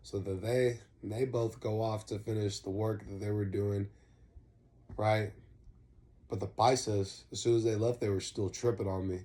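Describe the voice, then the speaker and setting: A man's voice: on the low side, fairly even intonation, moderate pace, dark tone. A young man casually telling a long story, rambling in heavy slang and swearing freely. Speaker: vlogger.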